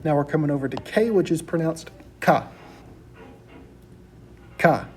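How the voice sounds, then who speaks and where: Male teacher, young adult, mellow tone, patient repetitive lecture delivery into a computer mic. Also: on the high side. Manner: slow, patient letter-by-letter drilling with repetition. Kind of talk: recorded class lecture.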